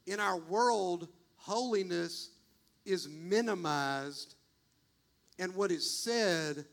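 Male pastor, high-pitched and impassioned, emphatic sermon delivery. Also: lively intonation. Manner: impassioned, emphatic, swings between fast bursts and slow stresses. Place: church, streamed online.

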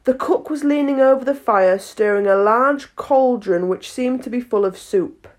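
A woman narrating a children's classic in a clear, measured reading voice. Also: a little high, a little mellow. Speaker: audiobook reader. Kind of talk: storybook narration.

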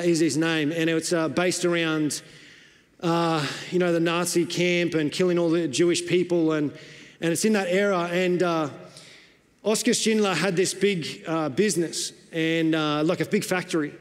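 A male pastor with a high voice delivers a sermon in a church whose sound rings on in a long reverb. He hesitates through a story with many fillers, then drives his message home with insistent repetition. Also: fairly even intonation, moderate pace. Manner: retells a film scene with many fillers, then preaches with rising urgency.

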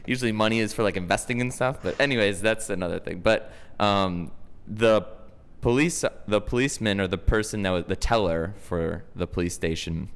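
A man co-hosting a casual podcast, playful and quick to laugh. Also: fairly low pitch, smooth, in a large hall. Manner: playful, giggly, loose. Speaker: podcast co-host.

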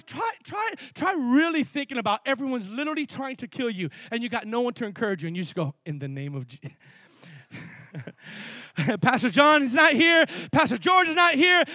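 A male pastor preaching a sermon with energy, mixing sudden loud emphasis with quick asides. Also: very high-pitched, dry recording.

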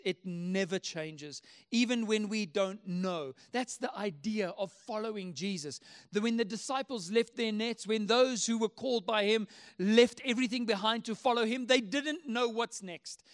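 A man's voice: sits high, fairly bright tone. A man preaching a sermon as a pastor, earnest and emphatic, often repeating his key phrases.

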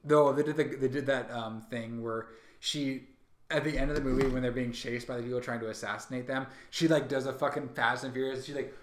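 A man's voice: mid-range voice, steady tone, fairly quick. A young man co-hosting a casual movie podcast, rambling with many fillers and acting out scenes in goofy voices. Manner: rambling, heavy on "like", acts out scenes in silly voices. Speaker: podcast co-host. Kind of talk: casual movie review chat. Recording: echoey room.

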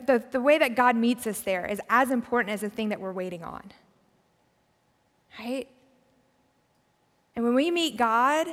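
A woman pastor giving a conversational, reflective sermon, often dropping to a soft, quiet voice. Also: a little high. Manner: conversational, reflective preaching with soft drops in volume. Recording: long hall reverb.

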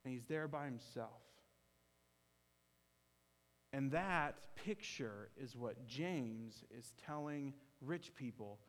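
A man's voice: medium pitch, lively intonation, slow, few pauses. A man preaching a sermon, telling a story earnestly and often restarting his phrases. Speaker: pastor. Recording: hall reverb.

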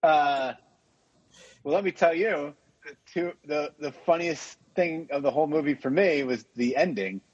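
Speaking at a moderate pace, this podcast co-host has a slightly high, darkish, somewhat rough voice. His casual chatter is full of stumbling restarts and frequent laughter, recorded without echo in dull, lo-fi sound.

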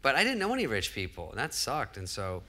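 On stage before a live audience in an event hall, a guest comedian in his fifties spins wry, self-deprecating stories. His mid-range voice swoops wildly in pitch, moving at a quick pace with a bright, forceful tone, with slight hiss or hum on the audio.

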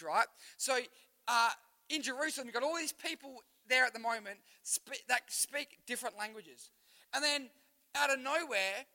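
A young Australian man preaching a live youth sermon at church, energetic and conversational, often asking the crowd questions. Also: very high voice. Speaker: youth pastor.

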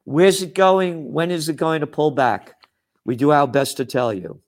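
High-voiced older man ranting sarcastically. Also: moderate pace. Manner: sarcastic, scornful, name-calling. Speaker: trend forecaster and publisher. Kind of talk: ranting commentary monologue.

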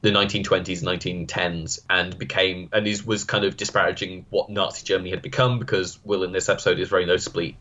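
A man's voice: low voice, little pitch movement, quick pace, few pauses, a bit bright. A man co-hosting a podcast in casual chat, thoughtful and analytical. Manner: thoughtful, analytical, frequent restarts. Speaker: podcast co-host. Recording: dull lo-fi sound.

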